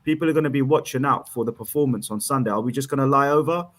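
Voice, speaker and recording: Brief: excitable male caller, laughs easily, rambles with repeats. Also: mid-range voice, quick pace. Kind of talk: casual fan chat.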